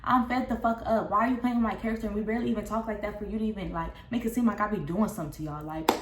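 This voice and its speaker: A young woman telling a casual storytime vlog, recounting a falling-out in a candid, profane and animated way. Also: mid-range voice, very fast, noisy background. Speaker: vlogger. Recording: roomy echo.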